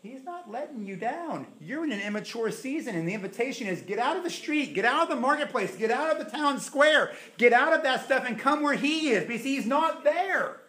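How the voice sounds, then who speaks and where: A man preaching a sermon as pastor, animated, swinging between loud emphasis and hushed asides. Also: extremely high pitch, a little fast, few pauses. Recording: echoey room.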